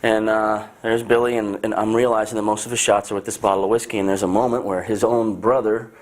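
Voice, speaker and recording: A man, a film director, telling stories in a casual interview, animated and profane. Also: fairly low pitch, fast.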